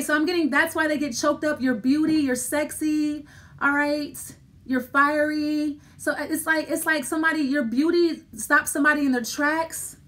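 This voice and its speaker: Woman tarot reader, high voice, casual, rambling and repetitive, talks right to the listener. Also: a bit bright. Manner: rambling, repetitive, thinking aloud while pulling cards; addresses the listener directly and reassuringly. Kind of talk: casual tarot card reading.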